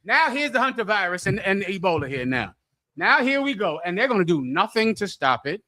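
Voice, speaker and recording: Preacher, male, high bright voice, mocking and scolding, fiery sermon delivery. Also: big pitch swings, fairly quick.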